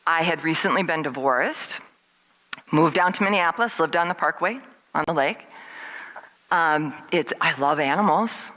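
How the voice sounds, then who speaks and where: Middle aged lady telling a story at a service, bright voice, acts out everybody's lines with big jumps up. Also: normal speed, low-quality recording. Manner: lively, acts out what people said with big jumps in pitch. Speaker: guest speaker at a service. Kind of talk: personal storytelling.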